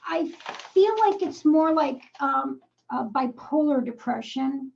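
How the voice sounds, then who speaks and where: A woman's voice: high-pitched, animated, takes it slowly, creaky, darkish tone, muffled recording, a little hiss or hum. A woman psychic medium giving a live reading, asking probing questions and calling the sitter darling and sweetheart.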